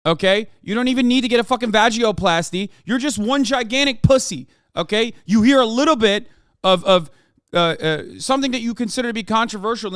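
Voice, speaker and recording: Heated, profane man with a high voice. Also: brisk, fairly bright tone, smooth, no room sound, studio quality. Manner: mocking and combative toward chat. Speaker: streamer and political commentator. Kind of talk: live-stream political commentary.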